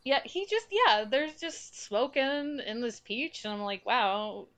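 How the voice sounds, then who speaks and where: Young adult female co-host, slightly high voice, relaxed slow pace, expressive. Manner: expressive, laughs easily. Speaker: podcast co-host. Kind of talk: casual chat.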